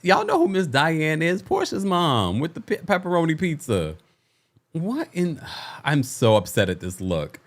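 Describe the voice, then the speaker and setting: A man hosting a recap show, in casual commentary that is animated and exasperated, with laughing asides. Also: on the low side.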